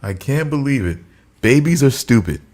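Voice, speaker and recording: A man's voice: mid-range voice, lively intonation, moderate pace, darkish tone. Laughing man scolding a friend in jest. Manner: laughing, mock-scolding banter. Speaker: podcast co-host. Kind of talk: casual chat.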